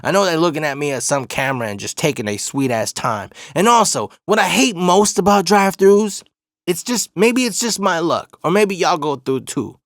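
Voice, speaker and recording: A man's voice: a little high, expressive, moderate pace, fairly bright tone, dry recording, studio quality. Laid-back, profane man telling stories. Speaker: podcast host. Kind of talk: casual storytelling monologue.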